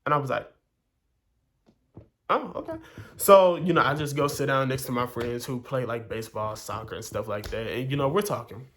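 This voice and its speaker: A man's voice: mid-range voice, a little fast, few pauses, a bit bright, a little hiss or hum. Chatty young man telling a story. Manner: chatty, full of fillers, acts out quoted lines. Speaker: vlogger. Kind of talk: casual storytelling.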